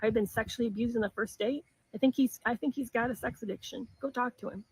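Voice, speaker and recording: Woman doing a worried friend, urgent advice, slightly raised pitch. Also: fast talker, darkish tone, slightly rough, rough recording. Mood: concerned. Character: concerned female friend giving advice.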